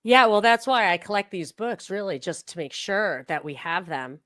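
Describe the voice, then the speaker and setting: A middle-aged woman hosts a casual interview and tells stories animatedly, with plenty of "like" fillers. Her voice sits at a middle pitch for a woman and sounds dry and close, with no room around it. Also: normal speed, dry recording. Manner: animated storytelling with many "like" fillers. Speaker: podcast host.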